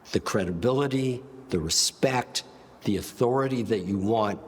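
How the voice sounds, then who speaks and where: A man teaching public speaking to camera, with a demonstrative, deliberate delivery that shifts pace and pitch and leans on pauses. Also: husky, in a large hall. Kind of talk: instructive talk to camera.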